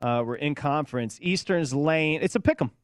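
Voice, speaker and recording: A man hosting a sports betting talk show, upbeat, bantering quickly with his co-hosts. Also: a little high, smooth, no echo, studio quality.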